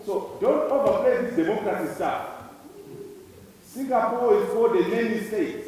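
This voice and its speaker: A man's voice: high-pitched, animated, fairly quick, dark tone. Man, from Zimbabwe, emphatic speech, distant mic, reverberant hall, faint room noise. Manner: emphatic, repeating key words for effect. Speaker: conference speaker. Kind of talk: public speech to students. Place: large lecture hall. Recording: echoey hall, speaker far from mic.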